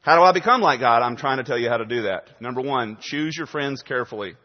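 A male pastor preaching a sermon, punching key words loudly, then dropping to quiet asides. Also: mid-range voice, expressive, fast. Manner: emphatic preaching, swings from loud stresses to quiet asides. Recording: dull sound in a reverberant hall.

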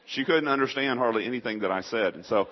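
A man's voice: medium pitch, fast talker. A man from southeast Texas preaching a sermon with a faint East Texas Southern accent, folksy and chatty, asking the congregation questions. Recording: dull lo-fi sound.

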